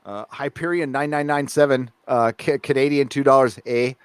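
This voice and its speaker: A man's voice: medium pitch, steady tone, normal speed, clean tone, no room sound. A man hosting a casual live stream, rambling and joking as he reads out viewer messages. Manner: rambling, jokey, reads out paid chat messages.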